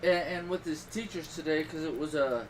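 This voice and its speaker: A man's voice: fairly high pitch, moderate pace, recorded from a distance, rough recording. Rambling man, a bit off-mic. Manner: rambling, animated storytelling with loud outbursts. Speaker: podcast host. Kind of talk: casual chat. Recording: voice a little off-mic with clear background noise.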